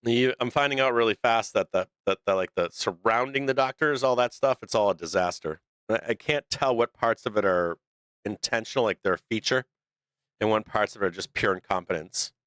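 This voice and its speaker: A man's voice: fairly low pitch, fairly quick, fairly bright tone, smooth, no room sound. A middle-aged man hosting a stock market livestream, talking in a blunt, profane, rambling way full of restarts. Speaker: stock market show host. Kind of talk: casual livestream rant.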